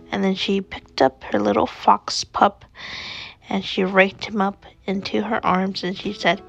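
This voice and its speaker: A woman telling a children's bedtime-style story in an unhurried, simple way, her voice carrying a gravelly crackle. Faint music sits underneath. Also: mid-range voice, flat delivery, dull audio. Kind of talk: improvised children's story narration.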